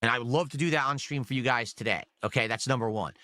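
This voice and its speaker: A man streaming and talking casually to his viewers, animated and mocking his critics. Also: medium pitch, fast talker, dry recording. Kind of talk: casual livestream talk.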